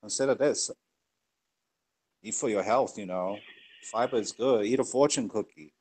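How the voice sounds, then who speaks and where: A man's voice: lowish voice, moderate pace, a little mellow, breathy edge. A man hosting a casual livestream chat, joking dryly and trailing off. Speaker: host.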